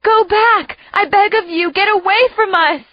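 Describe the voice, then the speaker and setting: A woman voicing a desperate captive mother who pleads and shouts warnings. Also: very high voice, unhurried, no echo, highs cut off, voice pushed up. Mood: frantic pleading.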